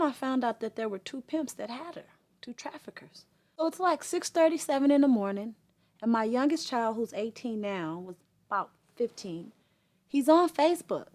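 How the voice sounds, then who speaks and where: A woman in her forties telling her personal testimony in an earnest, halting way. She pauses often with fillers and raises her voice as she acts out remembered conversations. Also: on the high side, expressive, darkish tone. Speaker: guest sharing her testimony.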